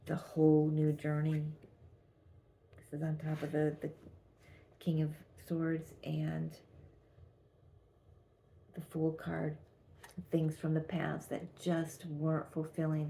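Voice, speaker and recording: A woman giving a channeled tarot reading, talking gently and haltingly with many restarts. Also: sits low, slight background noise. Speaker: tarot reader.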